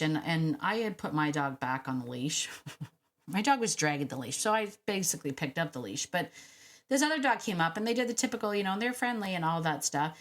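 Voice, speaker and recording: On her own dog-training podcast, a woman delivers a chatty, emphatic solo monologue full of quick restarts and laughter. Her voice is lowish and a little bright.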